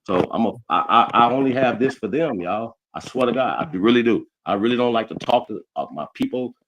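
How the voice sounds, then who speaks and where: A man hosting a livestream, ranting loudly with heavy swearing and constant repetition. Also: mid-range voice, expressive, a little fast, muffled recording, a little hiss or hum. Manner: loud, ranting, repeats himself, swears a lot. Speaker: livestream roast host. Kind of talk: heated profane livestream rant.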